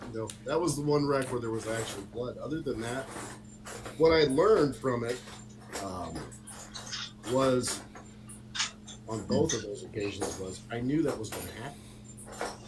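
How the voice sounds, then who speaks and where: A man's voice: medium pitch, noisy background. A middle-aged man telling a casual story with many fillers and frequent laughter. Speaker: guest on a motorcycle talk stream.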